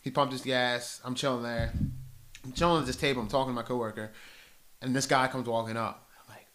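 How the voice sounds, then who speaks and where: A man's voice: medium pitch, steady tone, quick pace, fairly bright tone. A man chatting casually on a podcast, laid-back, swearing freely as he tells anecdotes. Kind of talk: casual chat, storytelling.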